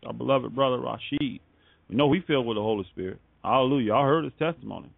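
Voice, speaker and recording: A man's voice: medium pitch, fast, creaky, dry recording. A man hosting a religious call-in radio show, blessing callers with fervent praise. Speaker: radio ministry host. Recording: phone-like call-in radio audio.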